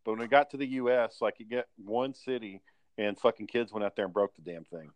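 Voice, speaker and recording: A man's voice: fairly low pitch, fairly quick, no room sound. A man telling stories in a casual podcast chat, loose and profane.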